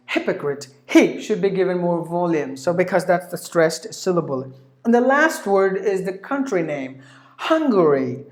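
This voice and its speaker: Woman teaching pronunciation, echoey room. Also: lowish voice. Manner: repeats each word slowly several times, with filler sounds. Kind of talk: pronunciation lesson.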